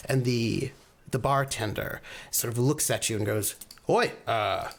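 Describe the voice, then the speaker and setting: A man's voice: medium pitch, fairly even intonation, moderate pace, creaky. A man narrating as game master in a tabletop role-playing game, descriptive and loose with many fillers.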